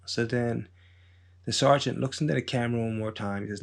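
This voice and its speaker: Male podcast host, low gravelly voice, unhurried street-wise storyteller. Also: steady tone. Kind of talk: casual storytelling monologue.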